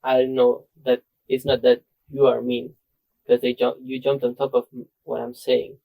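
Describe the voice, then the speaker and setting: A man's voice: mid-range voice, monotone, moderate pace, gravelly, mellow, poor audio. A man from Spain, chatting casually on a podcast and often agreeing. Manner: agreeable, keeps affirming. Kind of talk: casual chat.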